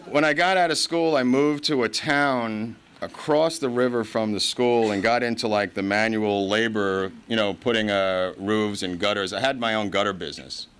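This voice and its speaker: A man's voice: fairly low pitch, a bit bright, smooth. Rambling middle-aged man telling his story. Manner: rambling storyteller with asides and chuckles. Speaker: recovery meeting speaker. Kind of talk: personal story told at a meeting. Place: meeting hall before an audience.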